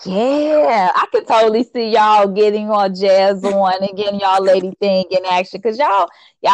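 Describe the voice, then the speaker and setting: A woman's voice: mid-range voice, normal speed. A woman hosting a podcast in casual chat, upbeat and loose with lots of ums and repeated words. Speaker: podcast host.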